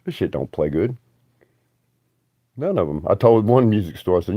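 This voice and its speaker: A man's voice: sits low, animated, moderate pace, long pauses, dry recording, lo-fi sound. A man, rambling bluntly and profanely on a livestream.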